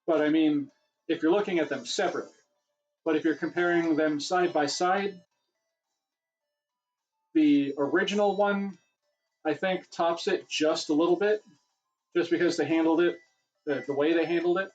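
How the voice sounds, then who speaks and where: A man's voice: a little high, steady tone, moderate pace, pauses often, highs cut off, faint music behind. A man hosting a casual livestream Q&A, rambling and correcting himself, his voice getting worn. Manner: rambling, self-correcting, chatty. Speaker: livestream host answering questions.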